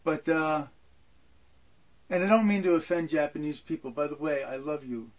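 A man's voice: fairly high pitch, fairly even intonation, moderate pace. An older man telling personal stories in a rambling way, full of repetitions and asides. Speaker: storyteller. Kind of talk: personal storytelling.

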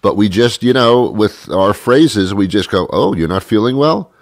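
Stuffy-nosed man with a low voice. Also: normal speed, no room sound, studio quality. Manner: rambling, jokey, animated. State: congested with a cold. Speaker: radio show host. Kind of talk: comedic radio monologue.

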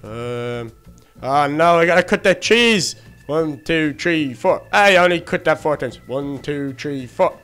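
A man's voice: on the high side, expressive, a little slow, a bit bright, clean tone, faint music behind. A man voicing a childlike male baby duck in a Minecraft role-play, chattering to himself and easily flustered. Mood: busy chatter. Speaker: fast-food worker in a game role-play.

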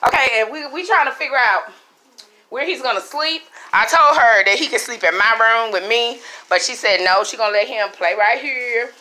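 Woman, middle-aged, home vlog, fairly high voice, bright tone. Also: normal speed. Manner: chatty, talks to viewers as y'all. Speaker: vlogger. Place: living room at home.

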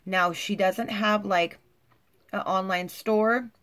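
A woman's voice: mid-range voice, steady tone, slow pace, fairly bright tone. A woman vlogging at home in a chatty, gushing way, full of "like" and "you guys". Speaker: lifestyle vlogger. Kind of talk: casual chat to camera.

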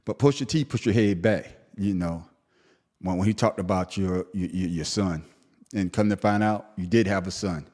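Here a man hosts a podcast by himself at normal speed, his animated remarks veering between muttered complaints and squeaky outrage while he repeatedly stumbles over words.

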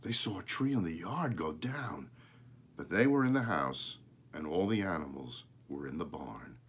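A man reading a children's picture book aloud, expressive and showing the pictures. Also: sits low, moderate pace, breathy edge. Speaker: storyteller.

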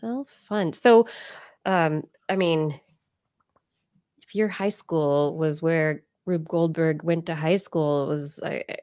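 A woman's voice: sits low, takes it slowly, a little mellow. A tired woman hosting a podcast, drifting through a casual after-show chat in a drowsy, giggly way. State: sleepy. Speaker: podcast host.

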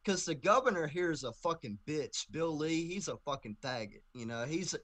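A young man telling a story in a casual interview, swearing a lot and getting heated as he goes. His voice sits a little high for a man and swings up and down with every outburst. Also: lively intonation, normal speed, a bit bright. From Tennessee. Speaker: guest rapper.

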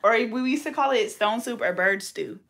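A woman's voice: a little high, normal speed, vocal fry, a bit bright. A young woman with a Bay Area accent, hosting a casual braiding vlog and chatting in a laid-back, slangy, teasing way. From California. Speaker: hair braider and vlog host. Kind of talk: casual chat while braiding.

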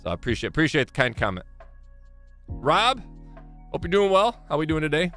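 A man's voice: fairly high pitch, big pitch swings, fairly quick, fairly bright tone. Brief: Michigan-accented male streamer, rambling, self-mocking, faint music behind. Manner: rambling, self-mocking, greets chat by name. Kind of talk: casual live-stream chat. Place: small home gaming room.

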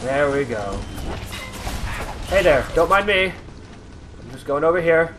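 A young man with a fairly high voice and lively intonation gives casual let's-play commentary, speaking slowly to his viewers. He sounds confused and exasperated, with background noise and game music playing behind him.

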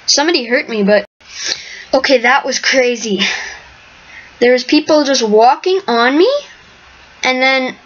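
Hosting her own gaming video, a woman offers rambling, chatty live commentary on the play and sometimes lowers her voice to a whisper. Her voice is high-pitched and fairly bright, unhurried, with frequent pauses. Faint hiss comes from a dull lo-fi mic.

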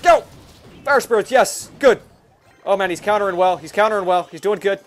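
A man giving excited, fast commentary while playing a mobile game, reacting loudly to every move. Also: high voice. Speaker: gaming YouTuber. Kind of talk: excited live gameplay commentary.

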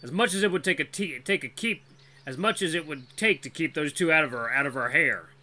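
A storyteller voicing a calm, gruff male black wolf who talks in a dry, steady, faintly menacing way. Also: mid-range voice, a little fast, pitched above the performer's own voice, close to an everyday voice. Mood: cool.

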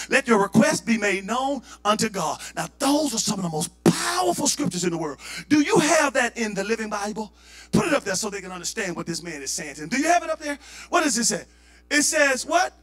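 A man preaching a fervent Pentecostal sermon, rising into shouted, impassioned delivery. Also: very high voice. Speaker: pastor. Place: church sanctuary.

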